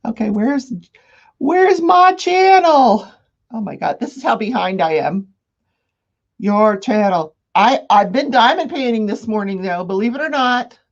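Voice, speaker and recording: A woman hosting a casual live morning crafting show, chatting excitedly and greeting her viewers by name. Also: medium pitch, moderate pace, dull audio. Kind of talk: casual live-stream chat.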